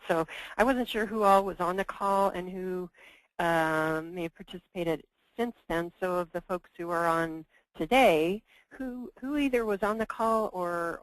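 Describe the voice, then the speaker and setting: A woman's voice: fairly low pitch, dry recording, poor audio. A woman leading a conference call discussion, hesitant and full of fillers and restarts. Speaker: meeting presenter.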